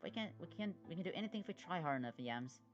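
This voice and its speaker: A voice actor playing a bossy, encouraging, bold big sister in an animated series, with a lively voice on a dull, lo-fi recording. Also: mid-range voice, rapid-fire, soft background music, lightly acted. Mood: upbeat. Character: cheerful can-do big sister, a child. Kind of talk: animated web series voice acting.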